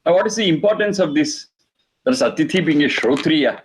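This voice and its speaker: A man giving a religious lecture, reciting verses and explaining them slowly. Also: a little high, animated, slight background noise, low-quality recording. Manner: slow, repeats Sanskrit phrases and explains them. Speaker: Vedic teacher.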